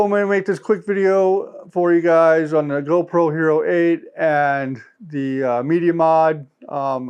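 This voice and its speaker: Male tech vlogger in a car: casual and rambling, mellow tone, slightly raised pitch, dull recording. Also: clear, resonant tone. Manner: rambling, easygoing, many fillers. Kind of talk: casual chat. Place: inside a car.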